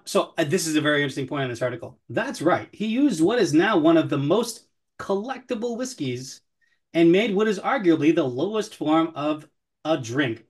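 A man co-hosts a casual whiskey podcast. He is sarcastic, swears freely and makes mock threats. His speaking voice sits somewhat high for a man. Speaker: podcast co-host, whiskey commentator.

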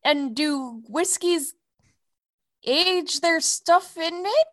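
A woman co-hosting a casual podcast, reacting loudly with quick exclamations and swearing. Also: extremely high pitch. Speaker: co-host.

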